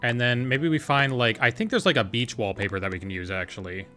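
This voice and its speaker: A man streaming a game, talking through each step in a loose, playful way as he decides what to do next. His voice sits at an ordinary middle pitch, with faint game music behind him. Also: brisk, bright, forceful tone. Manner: thinking aloud, chatty and playful, answering chat. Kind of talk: casual gameplay commentary.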